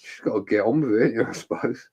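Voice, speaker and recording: A man's voice: fairly low pitch, brisk, a little mellow, slightly rough, lo-fi sound. A man chatting casually, rambling with many restarts. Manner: rambling, hesitant, with repeated restarts. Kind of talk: casual chat.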